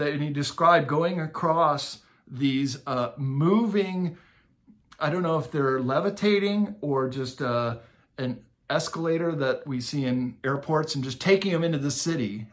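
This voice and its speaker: A man as a podcast guest, telling a long story with lively emphasis and short acted-out quotes. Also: on the high side. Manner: animated storyteller, acts out quotes with bursts of emphasis. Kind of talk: storytelling interview talk.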